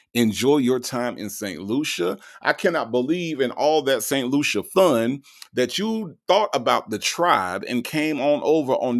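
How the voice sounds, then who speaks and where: Gravelly-voiced man, livestream host, animated and slangy, lively swings in pitch. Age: 40s. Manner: animated, loud bursts, laughing, slangy. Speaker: livestream host reading chat. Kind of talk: casual livestream commentary.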